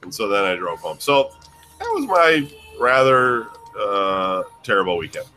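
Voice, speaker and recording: A man's voice: lowish voice, very animated, a little slow, bright, forceful tone, faint music behind. A man hosting a casual podcast chat, wryly wrapping up his own story and passing the turn to the others. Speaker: podcast host.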